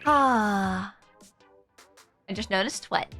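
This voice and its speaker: A woman's voice: mid-range voice, extremely slow, bright, forceful tone. A young woman streaming a game, chatting with her viewers, emotional and teary, laughing often. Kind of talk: casual live game stream chat. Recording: music playing behind the voice.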